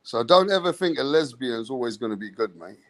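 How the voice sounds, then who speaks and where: A man's voice: medium pitch, expressive, fast talker, dry recording. A man hosting a late-night podcast, telling a crude, swaggering story with laughter. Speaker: host.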